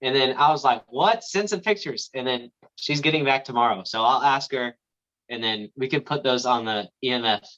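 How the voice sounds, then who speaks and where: Brief: young male co-host, bright voice, joking, dull lo-fi recording. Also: medium pitch, steady tone. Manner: joking, quick to laugh. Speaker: podcast co-host. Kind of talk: casual sports podcast chat. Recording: dull lo-fi sound.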